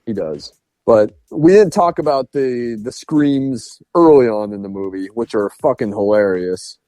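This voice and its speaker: A male podcast co-host chats casually about a movie in a film review, acting out its lines and laughing. His voice is medium-pitched, expressive, unhurried and mellow, with no echo and soft background music.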